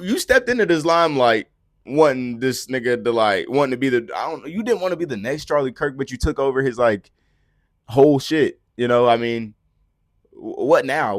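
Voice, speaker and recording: A young adult man hosting a podcast, ranting profanely in a casual way and swinging between low mutters and loud outbursts. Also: no room sound, studio quality. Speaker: podcast host. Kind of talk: unfiltered casual rant.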